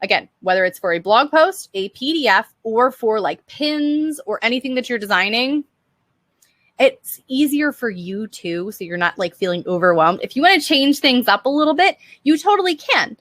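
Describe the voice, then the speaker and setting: Young woman doing a chatty live design class, bright voice, kinda high, dry close sound. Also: sing-song, moderate pace, dry recording. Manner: chatty, upbeat, frequent "um" and "like". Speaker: online design trainer answering viewer questions. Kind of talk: casual live-stream teaching.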